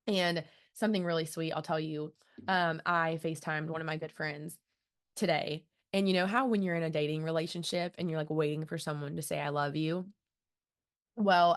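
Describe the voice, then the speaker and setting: A woman in her thirties hosts her own podcast in a casual solo monologue. Her voice sits a little low, and she sounds eager and sincere, talking warmly and freely to her audience. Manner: enthusiastic, earnest and chatty. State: emotional, close to tears. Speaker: podcast host.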